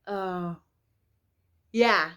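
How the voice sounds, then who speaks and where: A young South African woman telling a personal story to her viewers in an animated, emphatic way, repeating lines for effect. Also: medium pitch, extremely slow, clean tone. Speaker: storytime vlogger. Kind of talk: casual storytelling to camera.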